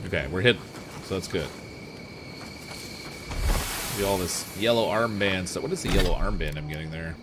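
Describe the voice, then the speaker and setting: A young gaming streamer with a low voice plays a fantasy game and gives let's-play commentary at a moderate pace, pausing often. He chats casually and laughs at himself, with game sound effects and other background noise behind his voice.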